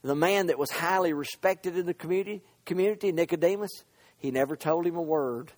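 High-voiced man preaching a rambling sermon. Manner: halting, repeats words, many fillers, swings between soft and shouted lines.

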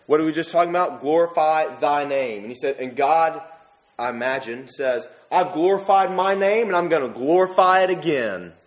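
Animated young man preaching a sermon. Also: mid-range voice. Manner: animated, conversational preaching with bursts of emphasis.

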